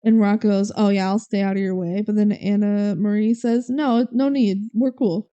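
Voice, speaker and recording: A woman's voice: medium pitch, fairly even intonation, a little fast, warm tone, clear, resonant tone, lo-fi sound. A young woman co-hosting a podcast, casually recapping a movie and acting out the characters' lines. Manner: retells scenes with quoted character lines, frequent "like" and "um". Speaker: podcast co-host.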